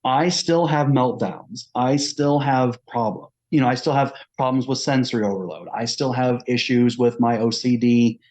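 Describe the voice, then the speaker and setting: A man's voice: medium pitch, moderate pace, hardly any pauses, darkish tone. A man earnestly telling a personal story in a conversational way, sometimes acting out the voices of people in it. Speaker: autistic self-advocate. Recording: dull lo-fi recording.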